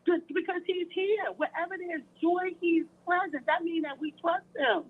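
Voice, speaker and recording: Fervent high-voiced woman on a phone line. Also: steady tone, moderate pace, slight background noise. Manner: fervent, quotes scripture. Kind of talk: preaching-style testimony.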